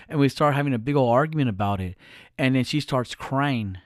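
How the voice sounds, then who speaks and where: A man's voice: medium pitch, quick pace, no echo, studio quality. A male podcast host talking alone in a casual, earnest, reflective way, repeating phrases for emphasis. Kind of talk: casual solo monologue.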